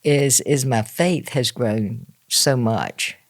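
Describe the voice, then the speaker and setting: A man's voice: medium pitch, slow pace, no room sound, studio quality. A man hosting a podcast who talks casually, laughing often and restarting his sentences. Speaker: podcast host. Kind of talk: casual conversation.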